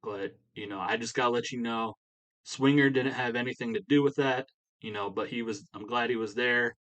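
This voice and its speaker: A man's voice: medium pitch, steady tone, moderate pace, fairly bright tone, natural voice, rough recording. A man voicing an earnest, apologetic wrestler. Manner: earnest, pleading, filler-heavy.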